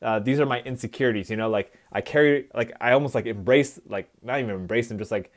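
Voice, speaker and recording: A man's voice: medium pitch, fast talker. A man who speaks at schools, telling his life story in a reflective, conversational way on a live stream. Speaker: motivational speaker.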